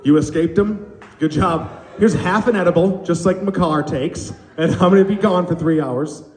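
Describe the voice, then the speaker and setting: Stand-up comic in an echoey club. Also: male voice, sits high, moderate pace. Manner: animated storytelling with acted quotes. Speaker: stand-up comedian. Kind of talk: stand-up comedy set. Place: comedy club stage. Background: audience laughter.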